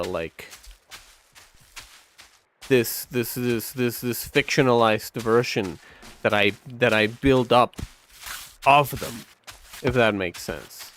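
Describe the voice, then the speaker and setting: A young man commentating his gameplay in a casual, rambling way, often heated, swearing and repeating himself. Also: medium pitch. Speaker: gaming streamer.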